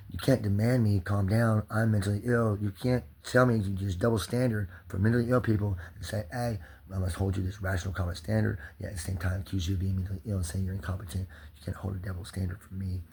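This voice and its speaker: A man's voice: low voice, little pitch movement, fast, hardly any pauses, a little mellow, slightly rough. A man ranting in an agitated, profane and rambling way, speaking straight to the camera as a vlogger. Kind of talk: angry personal rant.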